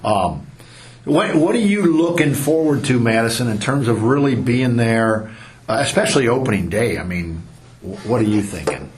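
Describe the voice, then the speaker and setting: A man's voice: medium pitch, expressive, moderate pace. A man hosting a podcast, asking loose, rambling questions in an easygoing way. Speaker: podcast host. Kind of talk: casual podcast interview.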